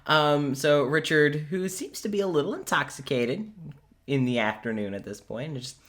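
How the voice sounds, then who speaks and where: A man's voice: on the high side, lively intonation, moderate pace, a bit bright. A man narrating as game master in a loose, chatty way. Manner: loose, laughing narration with restarts.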